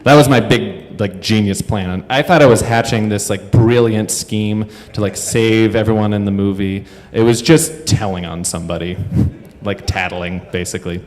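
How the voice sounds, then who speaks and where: Thirties male storyteller; low-ish, rambling and self-deprecating, reverberant live venue. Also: fairly even intonation, normal speed, darkish tone, soft background music. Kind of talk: live comedic storytelling to an audience. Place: stage in front of a live audience. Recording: echoey hall.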